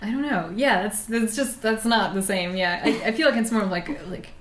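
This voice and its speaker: A woman's voice: medium pitch, brisk. A woman from Virginia co-hosting a podcast, rambling through a casual story with lots of "like.". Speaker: podcast co-host. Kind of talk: casual chat. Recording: echoey room, faint noise.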